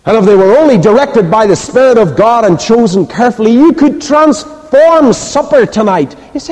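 A man preaching a sermon with emphatic, rhetorical delivery, then dropping soft and low as he leads a prayer. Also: a little fast. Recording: reverberant hall.

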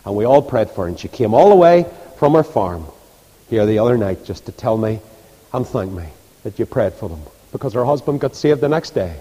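A man preaching a sermon with passion, rising to high, loud peaks and dropping soft again. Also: lively intonation, brisk, slightly rough, muffled recording. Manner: impassioned, rises to loud high peaks, then drops soft. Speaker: preacher and Bible class leader. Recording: long hall reverb.

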